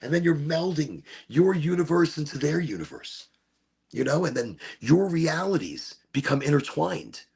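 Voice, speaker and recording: A man hosting his own podcast, rambling in a relaxed, playful and self-amused way. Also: fairly high pitch, normal speed, creaky, breathy edge. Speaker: podcast host. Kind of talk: casual stoned monologue.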